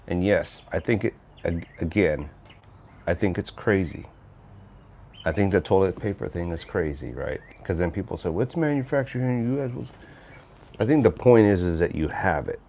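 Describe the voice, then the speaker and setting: A man's voice: low-pitched, animated, moderate pace, vocal fry, mellow, a little hiss or hum. A middle-aged man rambling casually on a livestream, reading chat messages aloud and answering viewers. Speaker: livestream host.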